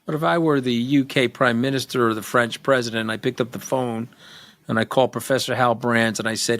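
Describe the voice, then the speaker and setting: A man's voice: medium pitch, steady tone, fairly bright tone, no echo. Host, male, interviewer who stammers and restarts, dry close sound. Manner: quick rapid-fire prompts, stammering restarts. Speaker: podcast host. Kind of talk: casual interview.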